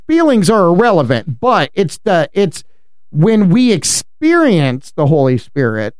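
A man's voice: sits high, wildly swooping pitch, measured pace, smooth, dry recording, studio quality. A man co-hosting a casual faith discussion, talking earnestly and animatedly and laughing often. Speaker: podcast co-host.

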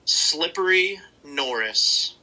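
A man's voice: a little high, lively intonation, extremely slow, pushed and bright, low-quality recording. A young man co-hosting a sports podcast, laid-back and wry in casual banter. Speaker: podcast co-host.

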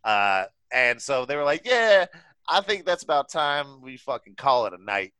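A man's voice: medium pitch, animated, moderate pace, pushed and bright, clean tone, no echo. A young man casually telling a wild story among friends, swearing and laughing as he goes.

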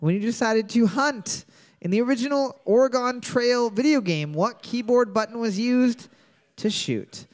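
A man hosting a trivia quiz, reading each question slowly and joking and swearing between rounds. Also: very high-pitched. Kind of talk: casual trivia hosting with banter.

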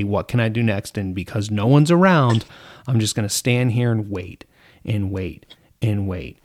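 A man's voice: fairly low pitch, darkish tone. A man who runs a golf course crew, talking bluntly in casual chat, swearing freely and acting out what he says to his workers.

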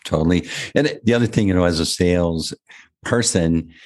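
A man with a notably deep voice hosts a casual podcast conversation. He speaks in halting bursts, restarting sentences and doubling words as he feels his way forward. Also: a little mellow. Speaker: podcast host and business owner.

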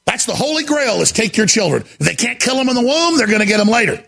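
A man hosting a talk radio show, delivering a frantic, desperate monologue that often breaks into shouting. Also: very high-pitched, animated, quick pace, gravelly. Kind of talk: impassioned on-air monologue.

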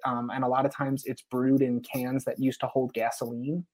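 An American man speaking at a middle pitch. He tells travel anecdotes in a relaxed interview, laughing often and slipping into other people's voices. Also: moderate pace, few pauses. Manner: animated anecdotes with frequent laughs and acted quotes. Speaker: guest, TV traveler. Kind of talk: casual storytelling interview.

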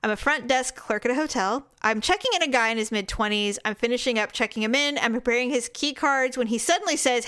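Fairly high-voiced woman, casual podcast co-host, animated storyteller who laughs a lot. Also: fast talker, few pauses, clear, resonant tone. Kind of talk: casual chat, reading listener stories.

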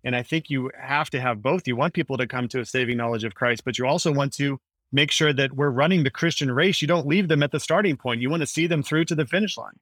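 Male pastor guest, mid-pitched, sincere and reflective, dry close sound. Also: quick pace, a bit bright, no room sound. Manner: earnest, thoughtful, explaining. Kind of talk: casual podcast discussion.

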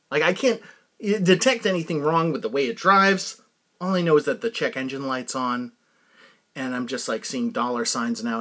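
A male podcast host telling stories in a loose, rambling monologue. His voice is fairly high for a man and swings up and down a lot. He laughs at his own jokes. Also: fairly bright tone. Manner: rambling, laughs often, self-amused. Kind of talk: casual comic monologue.

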